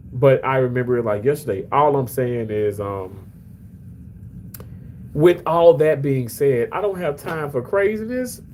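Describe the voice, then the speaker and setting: A man chatting casually on a livestream during his work shift, talking to and answering his chat in an animated way, his voice often leaping high. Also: a little hiss or hum, poor audio. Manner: animated, often jumps high in pitch, restarts a lot.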